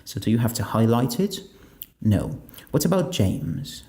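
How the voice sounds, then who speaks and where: Slow, gravelly male teacher. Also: mid-range voice, sing-song, warm tone. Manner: asks the class rhetorical questions and answers them. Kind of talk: spoken pronunciation lesson.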